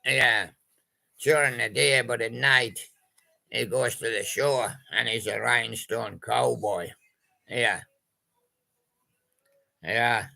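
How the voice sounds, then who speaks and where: An older man tells jokes about old pop songs in a slow, meandering way, with plenty of pauses. His voice is gravelly yet bright and forward. He slips into snatches of song and silly puns as he goes. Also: medium pitch, rough recording. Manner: slow, rambling, punning, with little sung snatches and put-on bits. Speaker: storyteller doing joke monologue about old pop songs. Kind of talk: rambling comic monologue.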